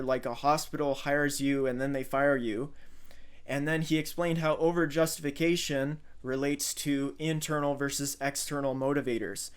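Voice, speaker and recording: A man's voice: mid-range voice, clean tone. A man hosting a channel, giving analytical commentary on clips he plays. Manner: explanatory, observational.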